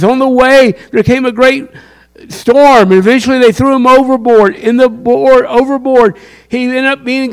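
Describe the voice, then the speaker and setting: A man's voice: extremely high pitch, clean tone. A man preaching a sermon, impassioned and quizzing his listeners with questions. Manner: impassioned, asks the crowd questions.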